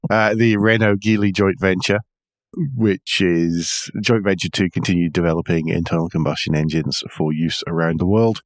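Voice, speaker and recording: Brit host of a car podcast, low voice, teasing, dry close mic. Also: male voice, measured pace, no room sound. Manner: teasing, jokey. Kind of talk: casual chat about car news.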